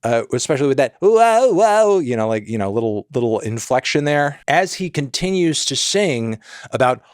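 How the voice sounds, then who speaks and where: A man hosting a casual music review, talking in an animated, joking way with sudden jumps in pitch. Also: brisk, dry recording, clean studio sound. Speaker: music critic host.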